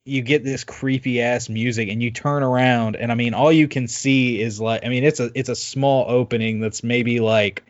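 A man recapping a video game in casual chat, rambling and halting with lots of fillers and restarts. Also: mid-range voice, fairly even intonation, highs cut off.

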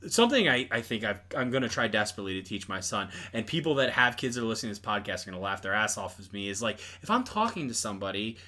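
Sex: man. Role: podcast co-host. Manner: animated, exasperated. Tone: bright. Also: on the low side, fast, hardly any pauses. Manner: animated, exasperated, lots of fillers. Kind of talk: casual movie review chat.

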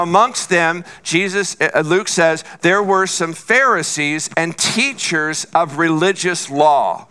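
A man's voice: sits high, pushed and bright, clear, resonant tone. A man preaching a sermon as pastor, earnest and repeating phrases for emphasis.

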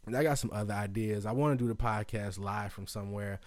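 A man's voice: mid-range voice, normal speed, hardly any pauses, a little mellow, no echo, clean studio sound. Rambling man hosting a casual podcast. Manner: rambling, loose, full of fillers and restarts. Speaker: podcast host. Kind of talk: casual solo podcast chat.

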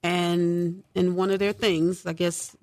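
A woman's voice: lowish voice, little pitch movement, slow, darkish tone, dry recording. A woman hosting a radio talk show, engaged, interjecting and recapping her guest's story.

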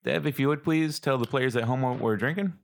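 A man's voice: mid-range voice, a little fast, gravelly. A man hosts a casual podcast, rambling loosely and filling his sentences with "like". He giggles often between thoughts. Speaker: podcast host. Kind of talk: casual chat.

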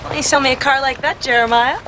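A woman's voice: sits high, fairly even intonation, fast talker, natural voice. A woman playing a coaxing car admirer. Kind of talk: TV drama dialogue. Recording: TV clip with loud background noise.

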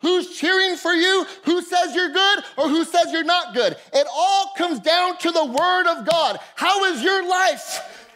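A male preacher with a strikingly high voice delivers a fired-up sermon to his congregation. He builds up to loud, ringing shouts and keeps calling on the listeners to answer back. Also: unhurried, hardly any pauses. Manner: impassioned preaching, bursts of shouting, calls to the congregation. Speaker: pastor. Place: church service with a congregation.

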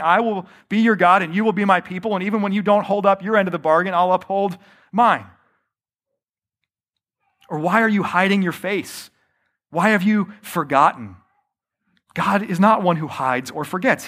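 A man preaching a sermon, often slowing down to stress his points and calling the listeners friends. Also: high voice. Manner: varies pace and loudness, slows for emphasis. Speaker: pastor.

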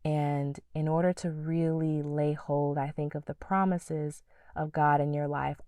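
Woman podcast host, low mellow voice, earnest faith teaching with whispered prayers, dry sound a little off the mic. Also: little pitch movement, unhurried, no room sound, distant mic.

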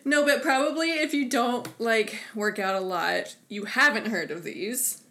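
A woman's voice: fairly high pitch, measured pace, bright, forceful tone. Bubbly, giggly woman co-host. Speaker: podcast co-host. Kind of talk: casual chat.

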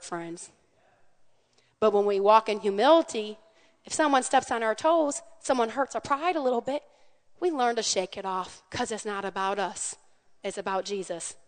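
A woman pastor with a fairly high, clear, resonant voice preaches a conversational sermon at normal speed. She tells stories with animation and calls out to the congregation, and the recording carries long hall reverb.

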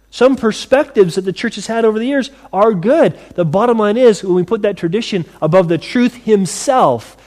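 Male pastor, fairly high voice, preaches with lively swings from loud to hushed. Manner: animated preaching, acting out scripture voices, drops to quiet asides. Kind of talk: sermon.

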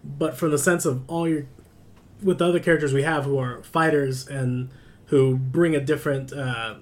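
A man's voice: medium pitch, fairly even intonation, normal speed. A man in a casual podcast chat, thoughtful, often repeating words as he searches for them.

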